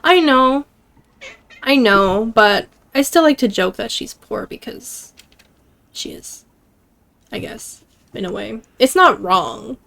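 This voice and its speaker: A woman's voice: fairly high pitch, animated, slow pace, vocal fry, pauses often, a bit bright. A woman streaming a game, chatting casually and jokingly with her viewers, often laughing. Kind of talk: casual gameplay chat with chat.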